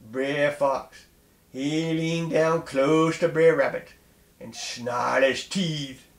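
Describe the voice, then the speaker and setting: A man telling a folk tale aloud in a lively dialect style. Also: on the high side, slow, creaky, roomy sound. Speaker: storyteller.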